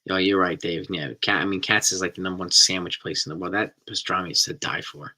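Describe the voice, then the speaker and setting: Chatty low-voiced New man. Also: steady tone, fast, bright, forceful tone. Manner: chatty, rambling, enthusiastic about food. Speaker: host reading live chat. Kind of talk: casual live-stream chat.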